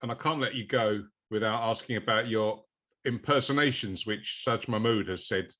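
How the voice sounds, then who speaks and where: A man's voice: fairly low pitch, normal speed, a bit bright. Easygoing male interviewer. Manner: friendly, easygoing questioning. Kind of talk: casual interview.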